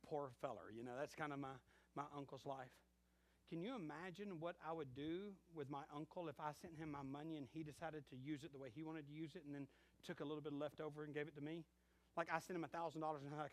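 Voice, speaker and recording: A man's voice: fairly high pitch, fast talker. A middle-aged male pastor preaching a sermon, telling stories and acting out bits of dialogue. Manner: animated storytelling with acted-out dialogue.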